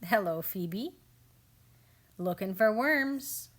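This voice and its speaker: A woman's voice: medium pitch, animated, extremely slow. Chatty mother narrating her family garden. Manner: chatty, amused, quotes family members. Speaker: family homestead vlogger. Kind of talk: casual voice-over narration of garden video.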